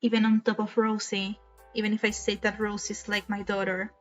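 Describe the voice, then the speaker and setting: A woman's voice: flat delivery, a little fast. Chatty woman streamer with a cheap mic. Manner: chatty, self-deprecating, rambling. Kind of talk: casual stream chat while drawing. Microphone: cheap desk mic. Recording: dull low-quality mic with faint music. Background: faint background music.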